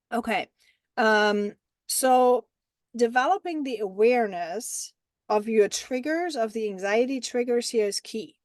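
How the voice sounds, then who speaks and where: This is a woman with a German accent who hosts a mentorship call. Her voice sits a little high, and she talks in a lively, chatty way, leaning on "like" and "right?" as she coaches. The sound is dry and close. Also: no room sound. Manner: animated and chatty, many fillers like "like" and "right?". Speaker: mentorship group host. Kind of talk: casual coaching talk on a group call.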